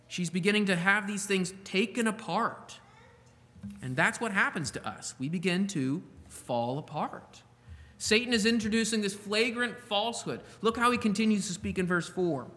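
Man, pastor, preaching, bright ringing voice, long hall reverb. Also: high-pitched. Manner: slow, emphatic delivery with rhetorical questions. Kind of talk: sermon.

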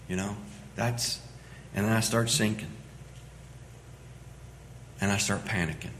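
A man preaching a sermon as pastor, swinging between loud emphatic lines and quiet low asides. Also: fairly even intonation, unhurried, long pauses, a little hiss or hum. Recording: echoey hall with long reverb.

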